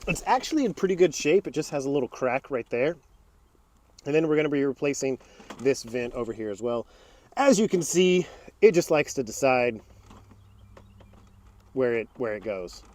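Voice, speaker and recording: Animated chatty man in a garage. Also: mid-range voice, moderate pace, pauses often. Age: adult. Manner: chatty storyteller, drifts into tangents. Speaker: host of a home garage channel. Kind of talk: casual how-to narration. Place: home garage.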